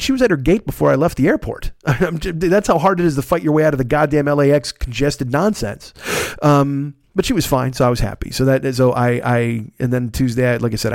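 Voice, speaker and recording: A man's voice: mid-range voice, vocal fry, darkish tone, no echo, clean studio sound. A middle-aged man hosting a podcast, telling a long rambling story in a casual, profane, self-deprecating way while worn out from being sick. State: worn out and recovering from illness. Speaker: podcast host.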